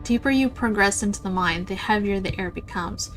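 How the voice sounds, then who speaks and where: A woman streamer reading game narration aloud in a plain, steady way. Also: mid-range voice, a little fast, soft background music.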